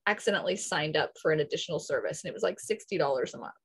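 A young woman recounts a story in relaxed conversation, quoting what others said. Her voice is on the lower side and slightly husky. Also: very fast, rough recording. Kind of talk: casual chat.

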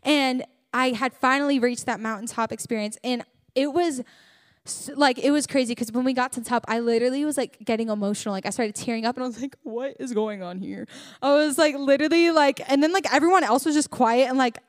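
High-voiced young woman preaching. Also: quick pace, dry recording, clean studio sound. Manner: chatty, animated storytelling with many fillers. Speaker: church speaker. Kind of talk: sermon.

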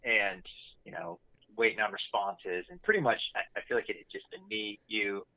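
A man's voice: lowish voice, moderate pace, no room sound, phone-quality sound. A young man co-hosting a casual chat podcast, telling stories wryly and acting out quotes. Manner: wry storyteller, acts out quotes. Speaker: podcast co-host.

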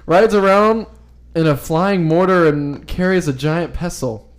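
A man's voice: on the high side, a little slow. A man co-hosting a podcast, reading folklore notes in a loose, joking way with lots of fillers and laughs. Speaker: podcast co-host. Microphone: phone.

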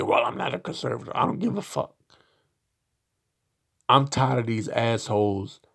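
A man giving blunt, profane solo commentary, slow and halting, with frequent restarts. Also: lowish voice. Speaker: podcast commentator.

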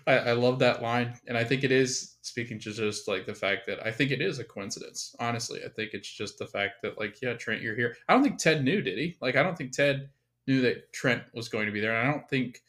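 A man co-hosting a podcast in a casual recap chat, easygoing and soft-spoken, with plenty of "like" fillers. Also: mid-range voice, a little fast. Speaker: podcast co-host.

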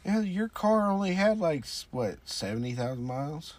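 A man's voice: fairly high pitch, big pitch swings, normal speed. A man co-hosting a podcast, chatting in a laid-back, teasing way. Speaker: podcast co-host. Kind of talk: casual chat.

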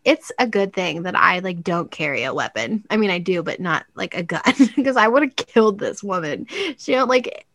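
A young woman telling a story in casual chat, animated and swearing, laughing often. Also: mid-range voice, dry recording.

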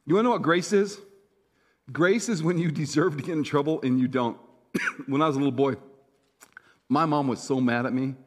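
A middle-aged male pastor preaching in a somewhat raised, light voice. He talks casually, with fillers and asides to the congregation. He moves between loud, punchy stretches and soft, slow, hushed ones. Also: on the high side. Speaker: senior pastor. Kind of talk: sermon.

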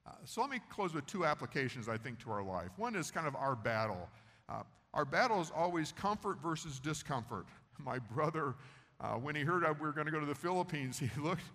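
A man's voice: a little high, fairly bright tone. An American man preaching a sermon in an earnest, conversational way, with many fillers and restarts. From United States. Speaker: pastor. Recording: long hall reverb.

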